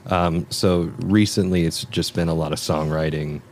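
A man's voice: low-pitched, steady tone, normal speed, darkish tone, a little hiss or hum. A man, a musician guest on a podcast, chatting casually in a laid-back way that trails off and restarts. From Southern Oregon, United States. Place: lodge room.

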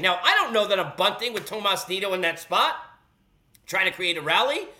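A man's voice: high voice, big pitch swings, normal speed, sharp tone. A man hosting a sports talk show, ranting in a heated, sarcastic way full of rhetorical questions. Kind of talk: animated sports commentary rant.

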